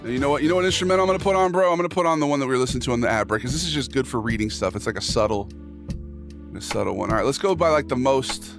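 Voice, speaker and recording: This livestream host talks at a rapid-fire clip in a mid-range voice. He reads posts aloud and trades profane jokes with his chat while instrumental music runs underneath.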